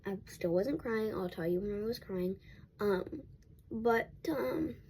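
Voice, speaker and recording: A woman's voice: mid-range voice, unhurried, a little mellow, slight background noise. A young woman vlogger telling a casual storytime at home while getting ready, rambling with many restarts and fillers.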